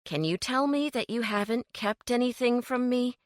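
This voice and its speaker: A woman's voice: on the high side, lively intonation, moderate pace, dry recording, studio quality, voice pushed up, lightly acted. A woman voicing a grieving, earnest woman who asks pointed questions and grows defiant. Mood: probing.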